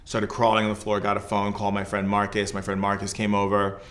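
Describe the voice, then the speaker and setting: A man's voice: on the low side, monotone, quick pace, very noisy. A man, a podcast guest who works as a shaman, telling a personal story in casual conversation, loose and earnest, filled with "like" and "you know".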